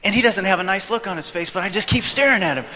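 High bright-voiced joking preacher. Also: male voice, fast talker. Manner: animated, joking with the audience. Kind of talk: storytelling sermon. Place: church hall, before an audience. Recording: reverberant hall.

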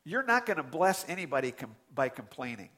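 A man delivers a sermon in a bright, ringing voice that sits a little high for a man. His delivery is animated, with big swoops in pitch and sudden loud outbursts between calmer, conversational stretches. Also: a little fast. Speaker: pastor.

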